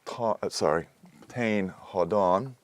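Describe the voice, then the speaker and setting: A man explaining a language lesson in a measured way, pausing often with "uh" as he works through examples. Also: sits low, slight background noise. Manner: measured, explanatory, with frequent "uh" pauses. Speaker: teacher. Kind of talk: recorded lecture.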